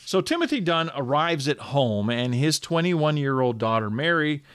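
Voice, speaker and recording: A man's voice: on the high side, sing-song, normal speed, a bit bright, clean tone, no room sound, studio quality. A man hosting a podcast, telling a history story in a conversational way with casual asides and fillers.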